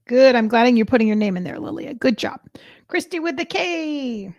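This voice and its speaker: A woman hosting a live stream as a psychic reader, chatting casually and excitedly with her viewers. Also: on the high side, normal speed, pauses often, no room sound, studio quality.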